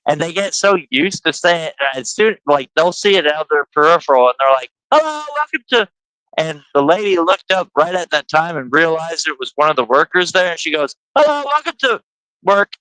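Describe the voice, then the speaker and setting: Chatty bright-voiced man, dry mic. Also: a little high, a little fast, few pauses, clean tone, no echo, low-quality recording. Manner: chatty, laughing, stumbling restarts. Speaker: host. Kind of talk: casual livestream chat.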